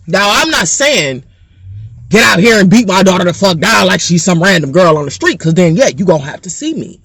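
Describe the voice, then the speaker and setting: A woman's voice: lowish voice, animated, brisk, a bit bright, slightly rough, dry recording. A woman, a parent, delivering a blunt, heated rant to camera full of cursing. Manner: blunt, profane, fired-up. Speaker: parent vlogger.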